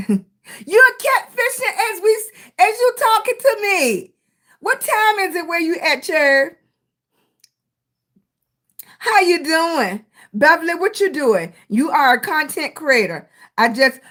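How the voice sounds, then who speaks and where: A middle-aged Southern woman hosts a casual live stream, talking in a high, bright voice. She takes her time, greets viewers by name with "sweetie" and "baby," and cheers them on to keep going. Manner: warm greetings to chat viewers, with terms of endearment; encouraging, motivational. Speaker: livestream host.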